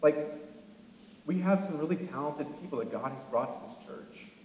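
A high-voiced man from California preaches to his congregation, rising sharply on his key points. His voice rings through a roomy church sanctuary with a long, lingering reverb. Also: moderate pace, a little hiss or hum. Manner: animated preaching with sudden emphatic rises. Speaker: pastor. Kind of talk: sermon. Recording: echoey church hall.

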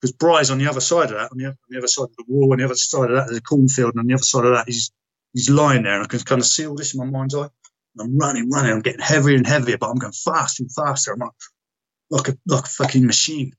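A husky-voiced British man, a former soldier, recounts a personal experience in conversation. He talks in halting bursts, restarting sentences and swearing openly. His pitch sits in the ordinary middle range for a man. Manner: halting, restarts, frank and profane. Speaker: guest, military veteran.

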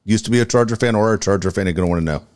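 A man co-hosting a sports podcast in a laid-back, joking way, often chiming in with quick agreements. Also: fairly low pitch, darkish tone. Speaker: podcast co-host. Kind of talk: casual sports podcast chat.

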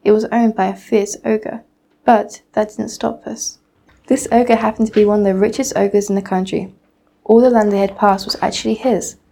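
A teenage girl reads a fairy tale aloud at a steady, measured pace. Her voice is dark and mellow, with a gravelly creak at the ends of phrases. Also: mid-range voice. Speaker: student reader. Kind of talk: storybook reading.

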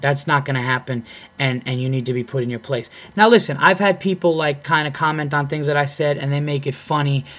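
A man's voice: fairly high pitch, a bit bright. A man who is a comedian and podcast host, telling a story in a blunt, profane, heated way. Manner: blunt and profane, heated when retelling a fight.

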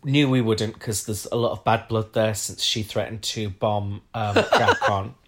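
A man's voice: lowish voice, fairly even intonation, measured pace, very noisy. A man co-hosting a casual podcast, running through lists with dry jokes. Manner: chatty, dry joking, rambling lists. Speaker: podcast co-host.

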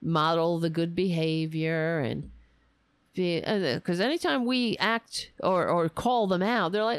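A woman hosting a political podcast, talking in a sarcastic, mocking way and slipping into shrill impressions of her opponents. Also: a little slow, clear, resonant tone, no room sound. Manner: mocking, switches into shrill mimicking voices.

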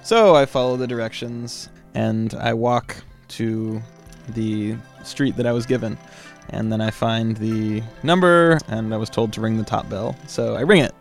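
Casual male storyteller over soft guitar. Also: lowish voice, a little slow, gravelly. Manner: casual and chatty, with many fillers. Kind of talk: personal travel story told aloud.

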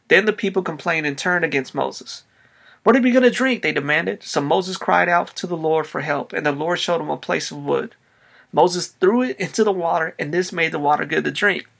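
A man's voice: on the high side, creaky, bright, forceful tone. A man preaching a sermon in a casual, conversational way, using slang as he retells a Bible story. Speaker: pastor.

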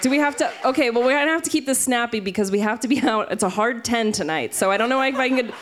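A woman hosts a live storytelling event with casual, chatty banter and frequent laughter. Her voice is slightly higher than average, and a crowd murmurs behind her amid a clear noise floor. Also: lively intonation, quick pace. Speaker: event host.

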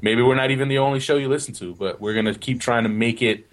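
A man's voice: mid-range voice, quick pace. A man co-hosting a casual soccer podcast in a mid-range voice. He rambles and restarts his sentences, often circling back with "you know what?" before he lands on a point. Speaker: podcast co-host.

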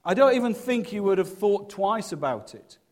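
A middle-aged man preaching a sermon, earnest and halting, with many restarts, dropping to a hush for personal stories. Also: sits high, sing-song.

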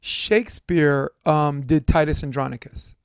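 A man's voice: on the high side, fairly even intonation, unhurried, clean tone, no echo, clean studio sound. A man hosting a podcast, asking loose, rambling questions in a casual chat. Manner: loose, rambling, profane interviewer. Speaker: podcast host.

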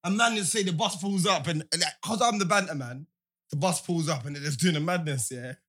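A man tells stories in loose, slangy banter, laughing often. His voice sits a bit high, with a bright and husky edge. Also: fairly quick. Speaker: podcast host. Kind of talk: casual banter.

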